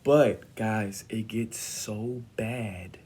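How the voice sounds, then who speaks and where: A man's voice: on the low side, extremely slow, a little mellow, slight background noise. A young man telling a personal story in a vlog, acting out the voices of the people he quotes with lots of energy. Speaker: vlogger.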